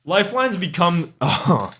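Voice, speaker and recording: A man's voice: high voice, very animated, a little slow, fairly bright tone. A young man streaming music reviews in casual chat, laid-back, swearing freely and trailing off with shrugging asides.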